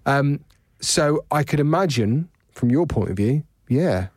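A man co-hosting a podcast in casual chat, jokey and quick to laugh. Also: medium pitch, animated, darkish tone, no echo, studio quality. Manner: chatty, laughs often, jokey. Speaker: podcast co-host.

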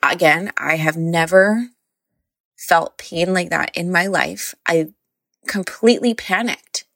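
A woman's voice: fairly low pitch, takes it slowly, vocal fry, fairly bright tone, no room sound, clean studio sound. A mother casually recounting a birth story, rambling and filling her speech with "like". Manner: rambling, heavy use of "like".

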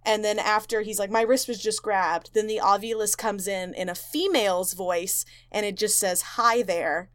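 A woman's voice: medium pitch, moderate pace, few pauses. Chatty woman retelling a ghost story. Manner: animated retelling, acts out quotes, many fillers. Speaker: podcast co-host. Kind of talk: casual storytelling chat.

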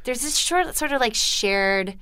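Smooth-voiced woman with a Southern California lilt. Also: fairly high pitch, lively intonation, measured pace, sharp tone, no echo. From United States. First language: Korean. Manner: chatty, self-mocking, lots of "like". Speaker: actress guest. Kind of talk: casual interview chat.

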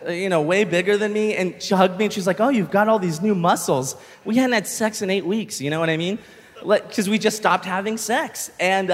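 A young man performs stand-up comedy, telling a story animatedly, swearing freely and acting out shouts. His voice is high, with a long reverb tail.

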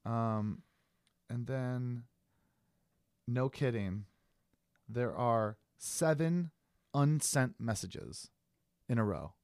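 A man's voice: medium pitch, drawn-out words, pauses often, dry recording, studio quality. A man telling a long story in casual chat, swearing and acting out the messages he got. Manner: animated storyteller, swears, acts out texts he received.

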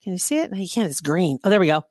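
A woman's voice: fairly low pitch, sing-song, very fast, darkish tone, dry recording, studio quality. A woman chatting casually and telling a story, wry and exasperated, laughing often between lines. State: recovering from knee surgery. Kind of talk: casual chat.

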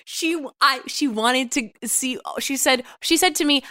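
A woman's voice: sits high, sharp tone, no echo, studio quality. A woman doing improv comedy on a podcast, playing flustered and apologetic. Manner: flustered, apologetic, quick to laugh.

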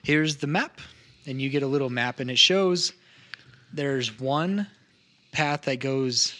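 A man as game master, explaining to players in a halting, roundabout way. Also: medium pitch, pushed and bright. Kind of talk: narrating a tabletop game.

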